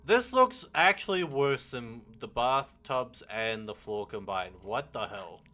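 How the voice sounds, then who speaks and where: A man's voice: medium pitch, expressive, slow pace, pushed and bright. A man casually commenting while playing a game, blunt and swearing freely. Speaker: gamer playing through a game. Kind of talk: casual let's-play commentary.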